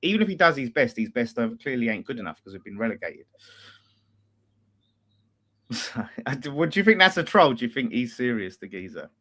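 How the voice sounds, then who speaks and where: A man's voice: mid-range voice, very animated, brisk, long pauses, sharp tone. Chatty man reading fan messages. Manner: chatty, laughs often, reads messages aloud. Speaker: fan channel host reading super chats. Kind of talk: casual post-match chat.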